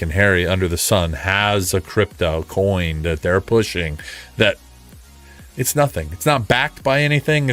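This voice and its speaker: A man hosting a casual livestream, ranting in an animated way, repeating himself and making sarcastic asides. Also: on the low side. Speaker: livestream host. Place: home streaming setup.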